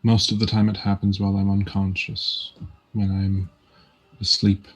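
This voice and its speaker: A man's voice: sits low, completely flat delivery, normal speed, husky, highs cut off. A man voicing a guarded shapeshifter who answers briefly and hesitantly. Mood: reserved. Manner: terse, hesitant.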